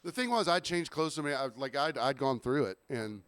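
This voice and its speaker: A man's voice: medium pitch, expressive, a little fast, fairly bright tone, smooth, no echo. A man co-hosting a podcast, telling a long story in a casual, laid-back way, with plenty of fillers and restarts. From Savannah, Georgia. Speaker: podcast co-host.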